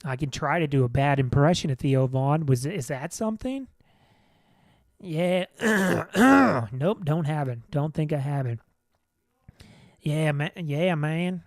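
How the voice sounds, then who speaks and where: A man's voice: on the high side, unhurried, a little mellow, no echo, clean studio sound. A man hosting a casual solo podcast, rambling in an offhand, self-deprecating way from the back room of a comedy venue. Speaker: podcast host.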